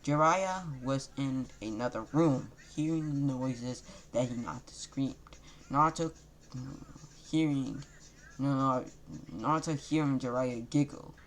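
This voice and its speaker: A man narrates a fan story off the cuff, stumbling over loose grammar and correcting himself mid-sentence. His voice sits in an ordinary middle pitch. A faint hiss runs under the recording. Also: slow pace. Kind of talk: improvised casual story narration.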